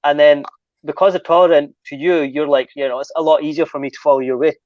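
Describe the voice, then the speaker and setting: A man hosting a casual panel chat, talking in a relaxed, chatty way and laughing easily. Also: fairly high pitch, fast talker, no echo, highs cut off. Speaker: host.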